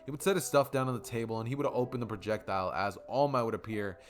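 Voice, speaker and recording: A man's voice: mid-range voice, fast talker. Rambling male storyteller over music. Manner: rambling, filler-heavy. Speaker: fan story narrator. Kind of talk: casual storytelling narration.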